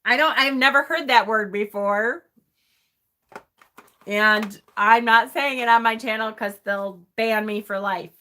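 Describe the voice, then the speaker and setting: A woman's voice: on the high side, unhurried, pushed and bright, slight background noise. A woman hosting a live stream in a chatty way, laughing often as she reads aloud and answers her chat. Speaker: host of a tarot channel.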